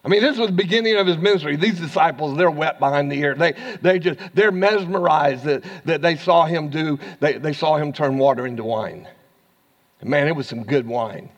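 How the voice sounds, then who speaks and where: A man with an American accent preaching a sermon as pastor, swinging from hushed asides to loud, rising lines and laughing often. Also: on the high side, a little fast, long reverb tail.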